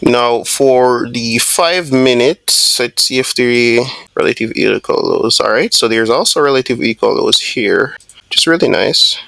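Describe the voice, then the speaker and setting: Gravelly-voiced man talking through a trade. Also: medium pitch, unhurried, sharp tone, dry recording. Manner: casual, thinking aloud with many fillers and restarts. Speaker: trading video host. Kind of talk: live screen-share trade commentary.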